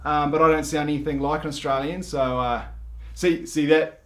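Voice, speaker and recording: A man from New Zealand with a New Zealand accent, presenting a comedic explainer in a dry, deadpan way. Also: a little high, normal speed, a crowd in the background.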